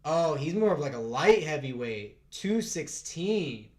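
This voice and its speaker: A man hosting a casual live fight stream, chatting with his viewers, thinking out loud and laughing often. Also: on the high side, sing-song, unhurried.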